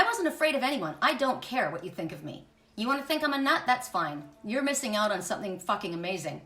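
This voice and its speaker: A woman's voice: a little high, bright, forceful tone, roomy sound, recorded from a distance. A woman giving an impassioned spiritual monologue as host, emphatic and blunt, swearing freely.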